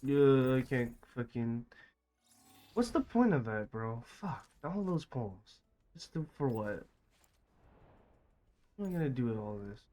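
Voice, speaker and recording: A man streaming a game live, muttering to himself and swearing in frustration, his throat scratchy and often cleared. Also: medium pitch, big pitch swings, unhurried, pauses often, mellow. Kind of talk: live gaming stream commentary.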